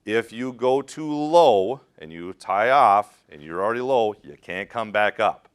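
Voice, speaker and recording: A man's voice: fairly low pitch, animated, measured pace, clear, resonant tone. A middle-aged man teaching a rope rescue class, direct and practical, quizzing his students as he demonstrates. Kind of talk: hands-on safety training talk.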